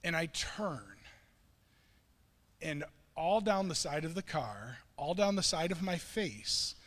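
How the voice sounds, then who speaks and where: A middle-aged man pastor telling a self-mocking story in a sermon, animated and quoting himself and others. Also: high-pitched. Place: church sanctuary. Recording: long reverb of a church hall.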